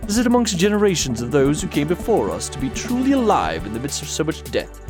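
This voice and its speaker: A man's voice: a little high, huge pitch swings, quick pace. A man voicing a formal, melancholy gothic man from a dating game, with theatrical, old-fashioned diction, read aloud on a live stream. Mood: wistful. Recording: game music playing behind.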